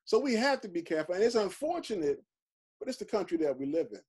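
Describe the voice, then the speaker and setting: Man, pastor, high voice, conversational, emphatic Bible study talk. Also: very animated, quick pace, a little mellow, breathy edge. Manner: conversational, emphatic, frequent "you know". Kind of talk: informal Bible study teaching.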